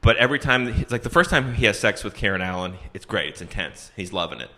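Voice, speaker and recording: A man hosting a comedy podcast, animatedly retelling a movie plot and acting out the characters' lines in quick voices. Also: on the low side, lively intonation, sharp tone. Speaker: podcast co-host.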